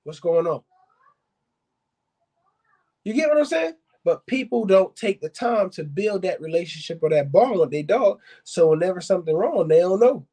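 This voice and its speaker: With a high-pitched, mellow voice, a dog breeder and podcast host gives casual dog advice straight to his audience. He calls them fam and y'all, and he hammers points home bluntly through emphatic repetition.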